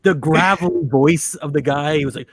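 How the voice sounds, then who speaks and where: A man hosting a casual chat in an animated, opinionated and jokey way. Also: a little high, moderate pace, dry recording. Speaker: podcast host.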